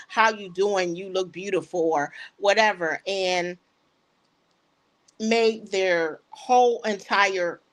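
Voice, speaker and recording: Woman guest, casual talk, storytelling, mid-pitched voice. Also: fairly bright tone. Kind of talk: casual conversation.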